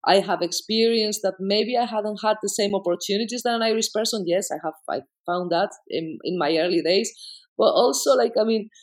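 A speaker from Spain with a Spanish accent and Spanish as their first language, talking in English in a casual conversation, halting and full of fillers like "you know" and "like". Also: medium pitch. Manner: hesitant, full of fillers and restarts.

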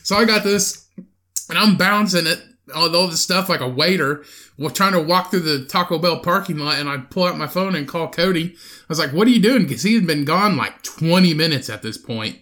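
A young man co-hosting a podcast, telling a profane, animated story in casual chat and acting out the quotes. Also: a little high, moderate pace. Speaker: podcast co-host.

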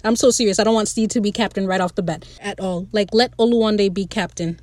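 A young woman recapping a TV episode in an excited, playful, gushing way. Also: medium pitch, fast talker, no room sound. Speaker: podcast host reviewing a show.

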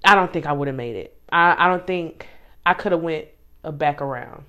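A woman's voice: deep voice, normal speed, lo-fi sound. A woman hosting a casual faith podcast, sharing emotional testimony. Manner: emotional, animated, testimony-style storytelling. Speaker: podcast host.

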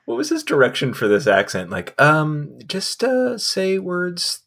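A man's voice: fairly high pitch, huge pitch swings, a little slow, a bit bright. A man co-hosting a casual podcast, teasing and joking. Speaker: podcast co-host. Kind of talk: casual chat.

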